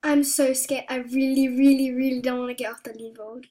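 A young woman giving soft-spoken, anxious commentary as she plays a video game. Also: high voice, little pitch movement, a little fast. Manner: soft-spoken, often hushed, anxious chatter. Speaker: gaming YouTuber. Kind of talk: casual gameplay commentary.

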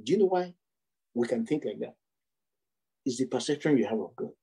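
A man preaching a sermon, piling up rhetorical questions and repeated phrases with slow, drawn-out emphasis. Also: medium pitch, expressive, vocal fry, mellow, breathy edge, low-quality recording.

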